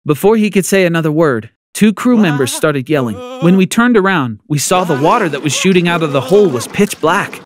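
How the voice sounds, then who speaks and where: A man narrating a personal story in an animated, expressive way. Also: high-pitched, a little hiss or hum.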